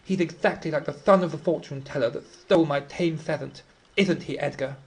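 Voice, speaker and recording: A man voicing an eleven-year-old spoiled girl with a lisp, in a high, whiny voice. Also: a little fast, slightly rough. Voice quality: lisping. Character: spoiled, shrill, lisping little girl, eleven.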